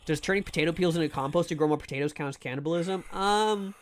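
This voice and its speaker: A man's voice: on the high side, fast talker, a little hiss or hum. A man streaming a game live, chatting casually to his viewers in a rambling, joking way and often stumbling over words. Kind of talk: casual live gameplay commentary.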